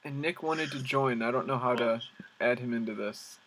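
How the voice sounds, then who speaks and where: A man co-hosting a casual live-stream chat, relaxed and teasing as he talks through trip plans. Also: medium pitch, moderate pace.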